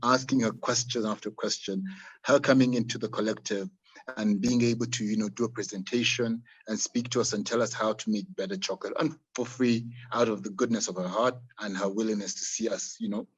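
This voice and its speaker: A man from Uganda who makes chocolate with farmers, answering a panel question haltingly over a video call and repeating words. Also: on the low side, fairly even intonation, husky, rough recording. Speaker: chocolate maker working with farmers.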